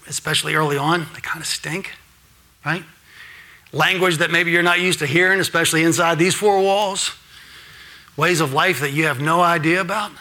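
A man preaches a sermon as a guest speaker in a church, talking to the congregation in an earnest, direct way and often checking in with them. His voice is bright and forceful and sits a little high for a man. He climbs to emphatic peaks on key points. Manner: addresses the congregation with frequent "all right?" and "right?". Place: church sanctuary.

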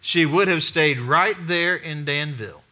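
This sermon comes from a middle-aged man whose slightly high voice moves at an unhurried pace. He keeps it conversational, questioning the room and falling quiet for emphasis.

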